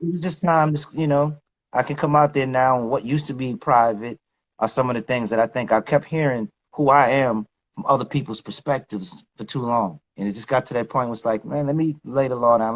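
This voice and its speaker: A man's voice: medium pitch, fairly even intonation, brisk, poor audio. A middle-aged man talking as a guest in a casual interview, candid and reflective, with slangy speech. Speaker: guest, recording artist.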